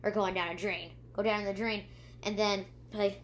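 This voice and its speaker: A woman's voice: mid-range voice, steady tone, normal speed, a little hiss or hum. Rambling young woman recapping episodes. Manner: rambling, many ums, mimics sounds and quotes characters. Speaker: YouTube reviewer. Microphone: own camera.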